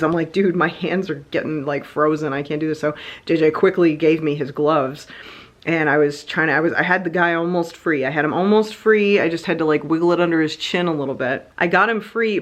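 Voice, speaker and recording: A woman vlogger telling a personal story in a chatty, animated way, full of fillers and quoted back-and-forth. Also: sits low. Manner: chatty, animated, lots of fillers like "like" and "you know". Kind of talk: casual storytelling vlog.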